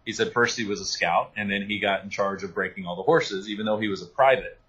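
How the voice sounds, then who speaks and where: A man, an author, talking through his research in an animated interview, with many restarts and asides. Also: lowish voice, quick pace, husky, dull audio. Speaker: author and guest. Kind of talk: interview conversation.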